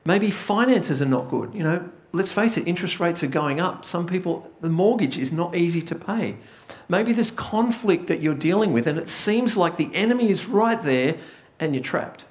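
A man preaching a conversational sermon, retelling a Bible story with lively storytelling and asking the congregation direct questions. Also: sits high, moderate pace. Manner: lively storytelling, acts out the biblical characters' panic. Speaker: pastor.

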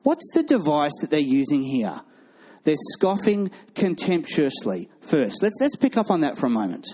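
Expressive male preacher with a mellow voice. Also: a little high, moderate pace, breathy edge. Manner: animated preaching, acting out voices of others in his stories. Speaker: pastor. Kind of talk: sermon.

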